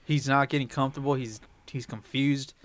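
A man's voice: medium pitch, steady tone, fairly quick, no room sound. A man co-hosting a podcast, chiming in with supportive asides in casual chat. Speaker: podcast co-host.

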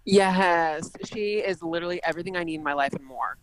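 A man's voice: on the high side, brisk, fairly bright tone, low-quality recording. A man, a guest on a podcast, talking in a bubbly, sassy, effusive way. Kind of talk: casual chat.

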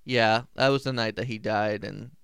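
A man in casual chat about a movie, animated, often laughing and acting out lines. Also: on the low side, normal speed, creaky, clean tone, no echo, studio quality. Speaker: movie discussion co-host.

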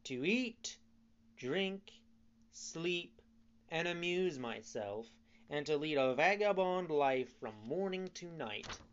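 A man's voice: fairly high pitch, expressive, takes it slowly, dull audio. A man voicing a rude, hot-tempered wooden puppet boy in a storybook reading, with a raised, brash voice. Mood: defiant.

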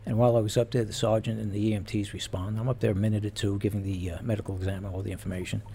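A man and former police officer telling stories in casual chat, animated and laughing as he goes. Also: fairly low pitch, rapid-fire, creaky, slight background noise. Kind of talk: casual storytelling.

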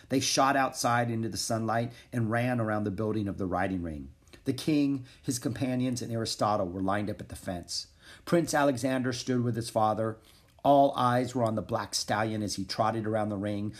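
A man reading a children's chapter book aloud in an expressive storytelling manner. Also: on the low side, normal speed. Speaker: narrator.

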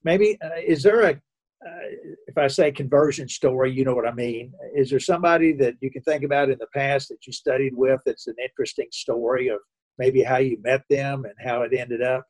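A man's voice: mid-range voice, brisk, a little mellow. A man hosting a casual interview, asking questions with hesitations and giving short affirmations. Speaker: host.

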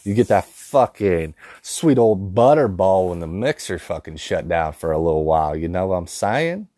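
Low-voiced man telling profane stories. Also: animated, moderate pace, mellow, no room sound, clean studio sound. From rural dairy farm upbringing. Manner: profane, rambling, laughs at own stories. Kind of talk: casual comedic storytelling.

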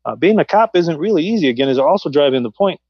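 A middle-aged man and former police officer, chatting on a podcast and telling animated stories about the job. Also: fast, husky, dry recording. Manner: animated storytelling, acts out quotes in a high voice. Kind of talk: casual podcast chat. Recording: dull, dry podcast audio.

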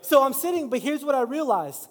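High-voiced pastor preaching in a reverberant hall. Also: male voice, sing-song, a little fast. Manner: casual, self-deprecating storytelling with rising preaching emphasis. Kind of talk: sermon. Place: church sanctuary.

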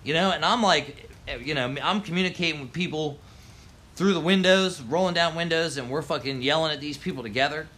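A man's voice: fairly high pitch, a little fast, pushed and bright. Angry swearing man ranting. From Baltimore, USA. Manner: heated, swearing, slangy. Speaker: local resident ranting. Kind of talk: angry profane rant.

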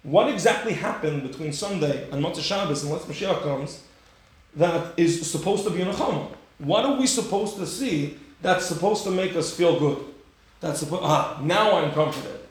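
A man giving a Torah class, animated and rhetorical, acting out the story with sudden high bursts. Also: moderate pace. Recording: very echoey room.

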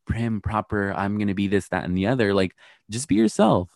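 A man's voice: fairly low pitch, big pitch swings, brisk, creaky, a little mellow, no room sound, studio quality. Sassy chatty man recapping reality TV. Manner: chatty, sassy, swears freely, acts out quotes. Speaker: podcast co-host. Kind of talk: casual reality TV recap chat.

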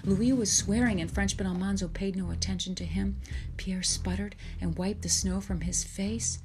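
A woman reading a children's chapter book aloud in a steady storytelling voice. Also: mid-range voice, moderate pace, background noise. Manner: steady storytelling, lively for dialogue. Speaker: audiobook reader. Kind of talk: scripted narration.

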